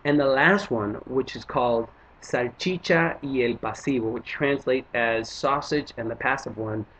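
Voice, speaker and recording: A man's voice: mid-range voice, normal speed, a bit bright, a little hiss or hum. A man from Panama doing stand-up, telling a story and acting out other people's lines. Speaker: stand-up comedian. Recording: muffled lo-fi recording.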